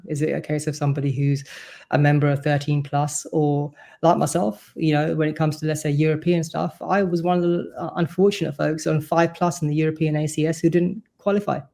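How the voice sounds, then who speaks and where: A man's voice: fairly high pitch, little pitch movement, fast, creaky, dark tone. A man, a supporters' representative, talking earnestly and at length as a guest on a podcast. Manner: earnest, talkative, explains at length. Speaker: supporters' board vice-chair, podcast guest. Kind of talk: casual podcast chat.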